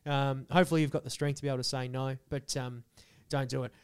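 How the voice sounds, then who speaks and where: A man, a podcast co-host telling crude stories in animated, swearing casual chat. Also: medium pitch, fast, clear, resonant tone.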